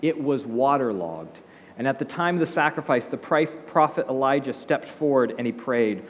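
A man's voice: medium pitch, lively intonation, normal speed. A man preaching to his congregation, telling an old story in plain, chatty words and stopping for his own asides. His voice sits in the middle range, and it rings with long reverb in a large hall. Faint room noise runs underneath. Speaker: pastor. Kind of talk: sermon.

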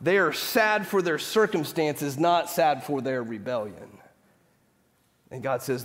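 Emphatic preacher in an echoing hall. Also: male voice, fairly high pitch, measured pace. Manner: emphatic, asks the congregation call-and-response questions. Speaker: pastor. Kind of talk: sermon. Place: church sanctuary. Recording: echoey hall reverb.

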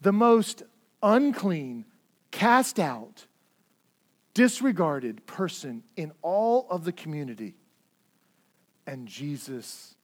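A man preaching a sermon as pastor, earnest, repeating words as he stresses points and swinging between loud and hushed delivery. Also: a little high, very animated, slow pace, pauses often.

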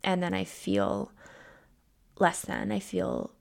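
A woman in her thirties hosting a personal podcast, talking candidly and tearfully, with fillers and halting pauses. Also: on the low side, big pitch swings, vocal fry, a little mellow. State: tearful, near crying. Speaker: podcast host. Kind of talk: personal solo podcast talk.

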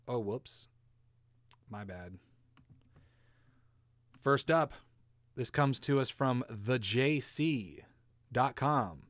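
A man's voice: on the low side, dry recording, clean studio sound. A man hosting a casual comedy podcast, rambling and sarcastic, swearing casually and laughing at his own jokes. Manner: swears casually, slips into silly voices. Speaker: podcast host.

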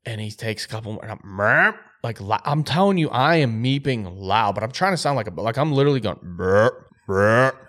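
A man co-hosting a podcast, telling a hunting story in an animated, excitable way. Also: medium pitch, fast talker, hardly any pauses. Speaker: podcast co-host.

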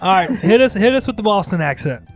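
Joking male podcast host, animated pitch. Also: fast, soft background music. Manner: teasing, laughs often. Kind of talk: casual podcast chat.

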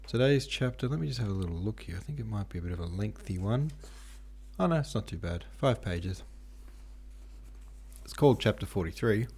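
A man's voice: fairly low pitch, fairly quick, slightly rough. A man hosting a book podcast, chatting casually about a novel and then reading it aloud. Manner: relaxed, chatty. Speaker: podcast host.

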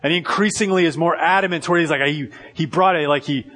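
A male pastor delivers his sermon in a relaxed, talky manner, often reaching for "like" and circling back to restart a thought. His voice sits a little higher than most men's. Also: quick pace. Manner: conversational, frequent "like" and restarts.

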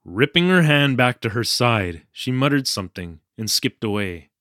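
A flustered young male English teacher, voiced by an actor, tells his story in a wry, self-deprecating voice for an audio drama. His pitch swings freely. The sound is close and dry, with no room echo. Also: animated, normal speed, pushed and bright. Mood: recounting.

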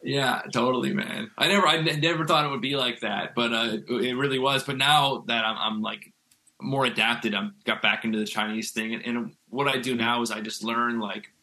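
Man, young adult, from Canada, interview guest, casual, rambling, swears, bright tone, video call. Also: medium pitch, steady tone, normal speed, rough recording. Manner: loose and chatty, fillers like "like", swears freely. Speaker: guest musician. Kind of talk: casual conversation.

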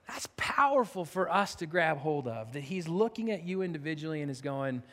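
A high-pitched man preaches a sermon in plain, everyday words. He circles back on his phrases and restarts often. His voice rings out with the long reverb of a large hall. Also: big pitch swings, brisk, hardly any pauses, a bit bright. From United States. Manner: casual, repetitive preaching with restarts. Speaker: pastor.

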